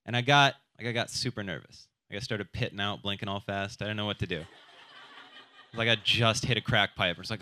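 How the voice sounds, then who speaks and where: A man's voice: on the low side, bright, forceful tone. Brash self-mocking male stand-up comic. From South Dakota. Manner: crude, self-deprecating, quick shifts into quoted voices. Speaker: stand-up comedian. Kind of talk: stand-up comedy set.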